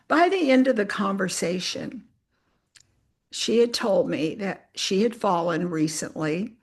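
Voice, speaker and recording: Her voice sits at medium pitch, creaky and a bit rough. A woman missionary from a church, she earnestly recounts her testimony to "you guys," acting out quotes with spirit in an animated retelling.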